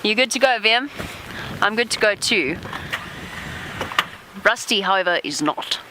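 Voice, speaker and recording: A woman presenting a live safari broadcast from an open vehicle, chatting lively and talking softly to animals. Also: mid-range voice, a little slow, background noise. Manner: chatty, warm toward animals, lively asides. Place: open safari vehicle outdoors in rain and wind.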